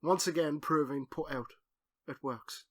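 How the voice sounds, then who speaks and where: A man co-hosting a casual podcast, throwing out crude, deadpan quips. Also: a little high, a little slow. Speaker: podcast co-host.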